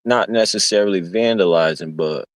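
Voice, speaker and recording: A blunt, insistent police officer as a man quotes him while telling a story, low in tone. He keeps repeating his orders. The sound is dry and close. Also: moderate pace, no echo, lightly acted. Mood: stern. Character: stern male police officer.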